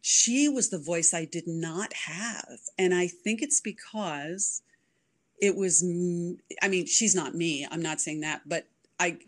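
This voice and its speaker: Chatty woman author with animated delivery. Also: lowish voice, takes it slowly. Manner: animated, many ums, demonstrates voices. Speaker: author and podcast guest. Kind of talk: casual interview chat.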